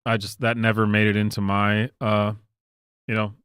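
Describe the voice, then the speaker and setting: A man's voice: on the low side, little pitch movement, normal speed, fairly bright tone, smooth, dry recording, studio quality. A man from the American South with a Southern accent, hosting a commentary channel and giving a casual, emphatic rant full of restarts and fillers.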